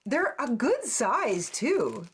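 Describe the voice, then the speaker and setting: A woman's voice: on the high side, big pitch swings, drawn-out words, slightly rough. A woman hosting a crafting channel, chatting casually and gushing over each piece with frequent exclamations and little laughs. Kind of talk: casual unboxing chat.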